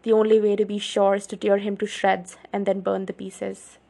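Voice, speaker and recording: Brooding, protective young male vampire in a storybook reading, low and even delivery, flat pitch, read by a woman. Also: moderate pace, gravelly. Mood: grim.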